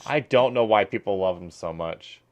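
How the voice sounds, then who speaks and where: A man's voice: on the low side, moderate pace. A man hosting a casual stream, ranting crudely with lots of swearing while watching videos. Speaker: streamer host.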